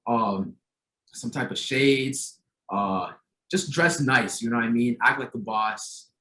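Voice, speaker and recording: A man's voice: medium pitch, bright, forceful tone. A young man chatting on a podcast as a guest, joking and teasing. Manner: chatty, joking, quick to tease. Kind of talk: casual chat. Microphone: video call. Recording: echoey room on a video call.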